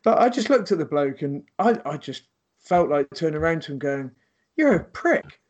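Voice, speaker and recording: A man's voice: on the high side, expressive, fairly quick, a little mellow, dull audio. A man on a chat panel, telling a blunt, candid anecdote. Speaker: panel guest.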